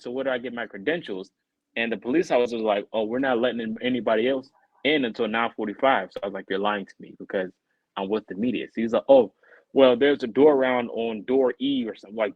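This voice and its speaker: A podcast co-host with a mid-range voice tells a long story in casual chat, animatedly acting out the voices of the people in it. The recording has no echo but sounds muffled.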